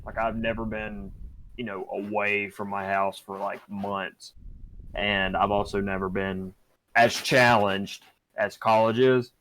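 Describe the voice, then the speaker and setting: A man's voice: on the low side, a bit bright, poor audio. A young man hosting a podcast, telling a personal story casually with many fillers and restarts. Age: young adult. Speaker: podcast host.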